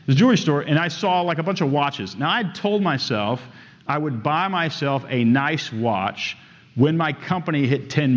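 A man giving a talk, telling a story with lively acted-out dialogue. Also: on the high side. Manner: animated storytelling, acts out dialogue. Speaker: speaker. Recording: dull sound with long hall reverb.

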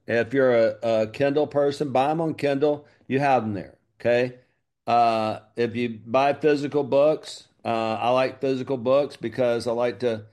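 A man's voice: mid-range voice, a little mellow. A man, giving a coaching talk to his group about marketing. He talks with energy, leaning hard on key words and repeating them. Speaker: business coach.

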